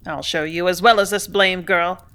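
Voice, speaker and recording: A woman reading a story, voicing a blustering male factory superintendent who speaks loudly and brusquely. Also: fairly low pitch, steady tone, normal speed, smooth. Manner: loud, brusque, bullying.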